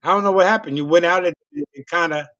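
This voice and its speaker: A middle-aged man tells a loose, profanity-laced story, circling back and laughing as he goes. His voice sits a little high for a man. The sound is dry and close, with no room around it. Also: fast, sharp tone, no room sound, lo-fi sound. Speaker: comedian. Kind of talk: casual storytelling on a video call.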